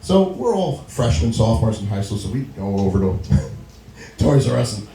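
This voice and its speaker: A middle-aged man performs stand-up in a small club, his voice mellow and swinging widely in pitch as he laughs through his stories. The room carries a noticeable echo around him. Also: very animated, normal speed, a little hiss or hum. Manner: storytelling with frequent laughs and acted-out quotes. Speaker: stand-up comedian. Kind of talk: stand-up comedy set. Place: small comedy venue. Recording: echoey room recording.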